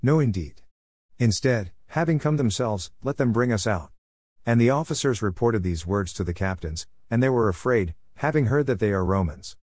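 A man with a low voice reads scripture aloud in a steady, measured way. The recording is dry and close, with no room sound. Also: no room sound. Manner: steady, measured reading cadence. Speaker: Bible reader.

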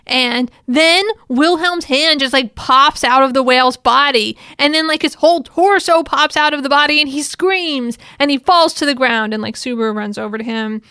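A woman's voice: high voice, gravelly, bright, forceful tone, smooth, no room sound, clean studio sound. Chatty woman retelling a story. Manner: chatty, loose retelling with frequent asides. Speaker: anime episode recapper. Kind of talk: casual spoken recap.

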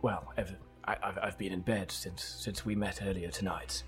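A man's voice: deep voice, steady tone, normal speed, faint music behind, pitched below the performer's own voice, lightly acted. A man doing a flustered prim passenger. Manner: flustered, stammering. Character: nervous prim male train passenger Theodore.

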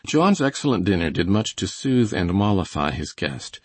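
A man reading a novel aloud in measured, scripted narration. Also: low voice, sing-song, breathy edge, no echo. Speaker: audiobook reader.

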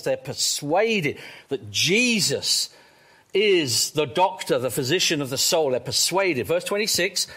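Male preacher, high and very animated, excitable sermon delivery. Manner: excitable, swings from quiet to loud exclamations.

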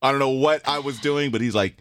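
A man in his forties co-hosts a podcast and, in casual chat, briskly tells a humorous story. The studio sound is clean and echo-free, and he animatedly acts out the quoted voices with big pitch swings.

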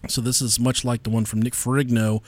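A man's voice: mid-range voice, little pitch movement, brisk, no echo. A man hosting a casual podcast, telling stories in a crude, laughing manner with lots of swearing. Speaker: podcast host. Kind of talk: casual storytelling chat.

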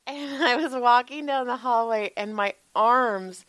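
A woman's voice: fairly high pitch, unhurried, no room sound. Woman in her forties, casual storyteller, swears freely, laughs a lot, dry close sound. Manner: animated, profane, laughs often, acts out quotes. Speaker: podcast co-host, massage therapist.

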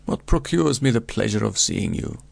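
A man's voice: on the low side, very animated, moderate pace, creaky, husky, no room sound, exaggerated voice. A man voicing a fawning middle-aged innkeeper who hesitates with small fillers, in a storybook reading. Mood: obliging. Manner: obliging, hesitant with "uh".

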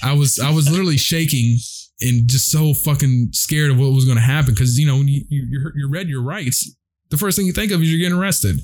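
A man's voice: medium pitch, fairly quick, a little mellow. Young guy rambling through a story with his buddies, lots of swearing and "you know", normal middle voice. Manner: rambling, profane, full of fillers and laughs. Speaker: guest telling a story. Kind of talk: casual storytelling among friends.

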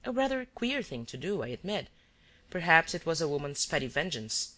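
A reader voicing a male detective who is cool and relentless, laying out accusations calmly and evenly. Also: medium pitch. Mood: measured. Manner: calm, measured accusations.

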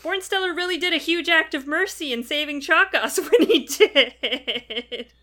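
Bright-voiced woman, animated podcast chat. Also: sits high, measured pace. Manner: animated, recapping a story. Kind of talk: casual chat.

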